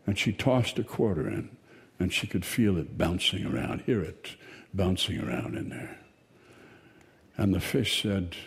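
An older man telling a story in a slow, rambling, wry way, correcting himself as he goes. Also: low voice, expressive, gravelly. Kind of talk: spoken storytelling monologue. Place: outdoors in sunshine.

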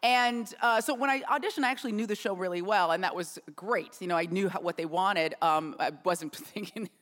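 Woman, comedic guest, lively self-mocking storyteller, hall reverb on the voice. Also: medium pitch, fairly quick. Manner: animated, self-mocking, jokey. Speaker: comedian and actor, show guest. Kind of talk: comic storytelling interview.

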